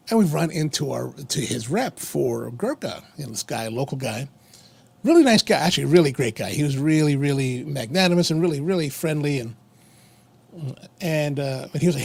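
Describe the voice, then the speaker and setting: A man with a rough, gravelly voice that sits a bit high for a man. His tone is husky rather than clean. He talks casually and rambles through a story, often restarting his sentences. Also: lively intonation, fairly quick. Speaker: podcast co-host. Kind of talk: casual chat while smoking a cigar.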